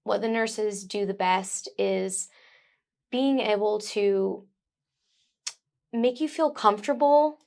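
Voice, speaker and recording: A young woman's voice with a slightly gravelly, fried texture. She is a guest in a conversational interview and speaks in a heartfelt, effusive way. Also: mid-range voice, takes it slowly, pauses often, darkish tone. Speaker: guest, new mother.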